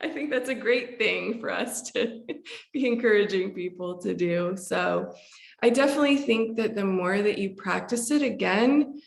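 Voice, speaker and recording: A woman hypnotherapist explaining a calming practice in conversation, gentle and relaxed, with frequent fillers and restarts. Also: medium pitch, moderate pace, creaky. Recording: echoey room.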